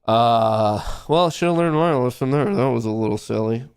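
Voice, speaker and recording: A man's voice: mid-range voice, normal speed, darkish tone, clean tone. A man hosting a live trading stream, talking in a casual, rambling and profane way with a nasal voice. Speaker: livestream trading show host. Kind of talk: casual livestream chat while trading.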